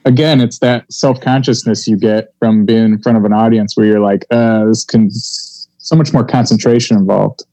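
A man with a warm, dark tone thinks out loud about performing for an audience. He explains things in a calm, considered way. The sound is dry and close. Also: fairly low pitch, normal speed, dry recording, low-quality recording. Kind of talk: casual chat about comedy craft.

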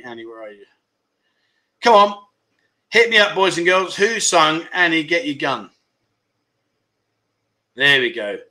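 A man's voice: high-pitched, bright, forceful tone. A middle-aged man hosting a casual livestream chat show, joking, teasing viewers and reading out their comments. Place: home in Pattaya.

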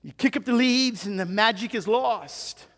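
A man's voice: sits high, moderate pace, a bit bright. A man preaching an expository sermon, emphatic and given to rhetorical questions and repeated words. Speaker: pastor. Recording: long hall reverb.

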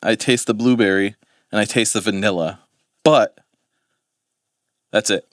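A man's voice: lowish voice, measured pace, no room sound, studio quality. A man, co-hosting a podcast in casual chat, rambling and swearing as he corrects himself. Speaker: podcast co-host.

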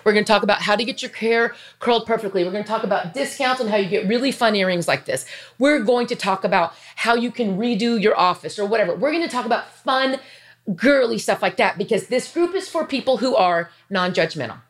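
A woman in her fifties talking earnestly and chattily to her viewers, emotional and near tears, with quick asides. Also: mid-range voice, animated. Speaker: faith vlogger. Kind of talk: heartfelt casual talk to camera.

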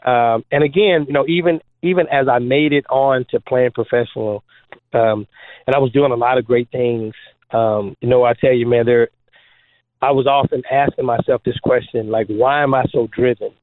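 Animated man telling jokey stories on a phone line. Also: medium pitch, moderate pace, dry recording. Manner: joking, animated storyteller with many fillers. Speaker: guest, former trick basketball player. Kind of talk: storytelling interview talk.

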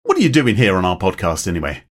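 A man's voice: low-pitched, huge pitch swings, fast. A man hosting a podcast in a playful, joking manner. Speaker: podcast host. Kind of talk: casual podcast chat.

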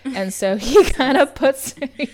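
A high-pitched American woman with lively intonation and a darkish tone talks at an unhurried pace, with slight background noise. Co-hosting a podcast, she casually recaps a film, laughing a lot and rambling with fillers, restarts, and self-corrections.

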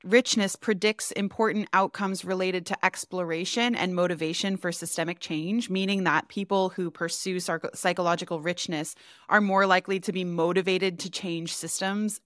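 A woman's voice: mid-range voice, normal speed, fairly bright tone, no room sound, studio quality. A woman co-hosting a casual podcast chat, speaking reflectively and reading quotes aloud. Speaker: podcast co-host. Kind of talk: casual chat about a psychology paper.

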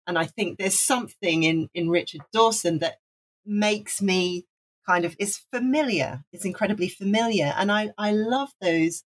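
A woman's voice: mid-range voice, normal speed. A woman from Wales, co-hosting a podcast, talking casually and enthusiastically with frequent restarts. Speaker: podcast co-host. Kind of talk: casual chat.

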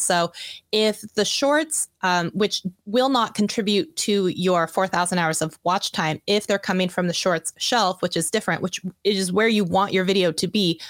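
A woman guest speaking as a video coach, chatting casually and quickly with many fillers over a video call. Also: mid-range voice, no echo, studio quality. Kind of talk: casual expert chat.

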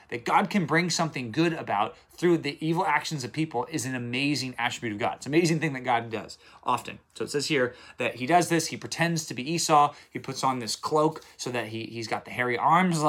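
A man's voice: medium pitch, a bit bright. A man giving casual daily Bible commentary, retelling the stories in plain modern speech and checking in with listeners as he goes. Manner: checks in with listeners, repeats for emphasis. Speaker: Bible reading teacher.

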